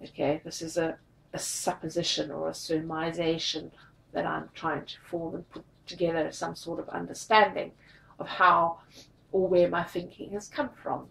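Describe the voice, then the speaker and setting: A tired, drained woman telling a personal story in a confessional vlog, halting and repeating her words. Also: on the low side, flat delivery, creaky, fairly bright tone, recorded from a distance, low-quality recording. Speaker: vlogger.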